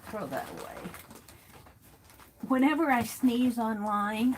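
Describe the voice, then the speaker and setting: Slow, musing woman sketching. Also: mid-range voice, expressive, slight background noise. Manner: slow, musing, talks to herself as she draws. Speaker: art vlogger. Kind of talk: casual narration while sketching.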